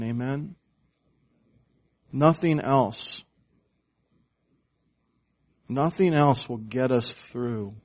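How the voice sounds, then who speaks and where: A man preaching a sermon, slow and emphatic, asking the congregation questions and waiting for answers. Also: medium pitch, a little mellow, lo-fi sound. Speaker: pastor.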